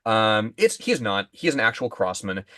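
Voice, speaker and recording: A man with a lowish voice, recorded close and dry with no room sound. He talks casually on a podcast, stopping and restarting his phrases as he thinks. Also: big pitch swings, sharp tone, no echo. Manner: halting, restarts phrases while hunting for words. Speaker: podcast co-host. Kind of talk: casual book-discussion chat.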